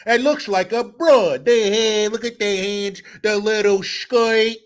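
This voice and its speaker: A man voicing a brash street guy who heckles and catcalls loudly. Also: high voice, slow pace, pitched above the performer's own voice.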